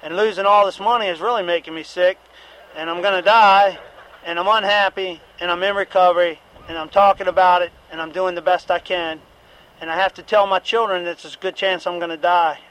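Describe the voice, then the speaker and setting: A man's voice: high-pitched, fairly even intonation, brisk, a bit bright, low-quality recording. A middle-aged man giving a candid, repetitive personal testimony at a recovery meeting, with occasional profanity.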